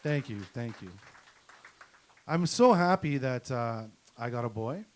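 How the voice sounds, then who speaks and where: A man's voice: mid-range voice, animated, unhurried. A middle-aged man from Canada doing a crude, profane stand-up set, ranting through his stories at a comedy night. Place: comedy night at a venue with an audience.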